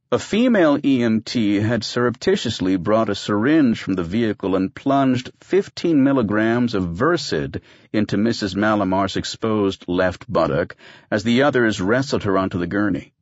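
Deep-voiced man narrating a wry story. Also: lively intonation, normal speed, no room sound, highs cut off. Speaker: audiobook narrator. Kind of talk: scripted narration.

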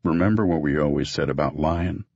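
A man voicing a stern, weary small-town sheriff who questions in terse, measured lines. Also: extremely low pitch, gravelly, no room sound, highs cut off, voice pushed down, heavily acted.

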